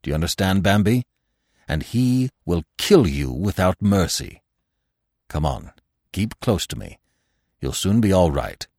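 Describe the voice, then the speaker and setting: A wise old stag, stern and protective, giving urgent commands low and slow, as a man reads him out. His voice sits deep and is heard up close in a dry space. It is a storybook reading. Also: very animated, darkish tone, no room sound, exaggerated voice. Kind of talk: audiobook reading.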